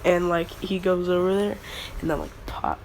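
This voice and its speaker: A man's voice: sits high, steady tone, moderate pace, gravelly, a little hiss or hum, poor audio. A man casually retelling a fan story, rambling and slangy with lots of filler words.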